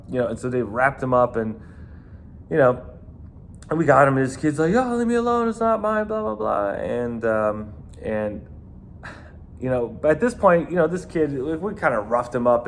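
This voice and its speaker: A man's voice: mid-range voice, moderate pace, a little hiss or hum. A man with a New York accent, a former bouncer, telling a rambling, profane story in casual talk.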